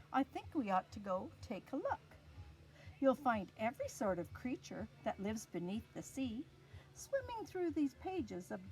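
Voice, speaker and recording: Woman, Canadian accent, storyteller for small children, sing-song, high voice, slow and unhurried. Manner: slow, sing-song and expressive, talking to kids. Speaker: early years storyteller. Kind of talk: reading a picture book aloud to young children.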